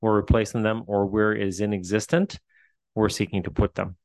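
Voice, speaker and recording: Gravelly Newfoundland man, low and flat. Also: normal speed, no echo. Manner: hesitant, many fillers and restarts. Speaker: facilities administrator. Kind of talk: answering questions at a meeting.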